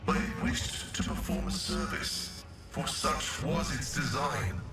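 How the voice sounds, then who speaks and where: Solemn vox-voiced tech priest. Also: male voice, mid-range voice, expressive, takes it slowly, vocal fry. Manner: formal, stilted machine-like phrasing. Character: hunched cyborg male tech priest, solemn and devout. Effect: vox-synthesized voice. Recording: very echoey distant voice over game music.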